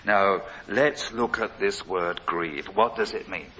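An older man preaching a sermon, earnest and storytelling, swelling loud for emphasis and dropping low again. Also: fairly even intonation, normal speed, few pauses, slightly rough. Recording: dull lo-fi recording.

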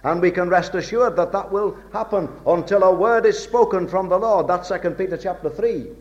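A man preaching a sermon in a measured, old-fashioned way, slowing down to stress key words. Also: sits high, a little mellow. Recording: dull lo-fi recording.

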